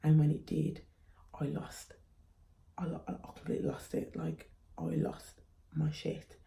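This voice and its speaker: A woman's voice: sits low, monotone, a little slow, vocal fry, mellow, whispered. A young woman in her twenties from England, talking casually and earnestly to camera as a mum vlogger. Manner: chatty, earnest, frequent fillers. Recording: echoey room.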